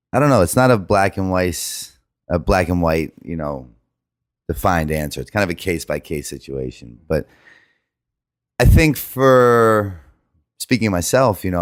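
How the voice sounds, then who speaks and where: A man co-hosting a podcast, talking in a halting, reflective, frank way. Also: extremely low pitch, no echo, clean studio sound. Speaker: podcast co-host. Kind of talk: casual chat.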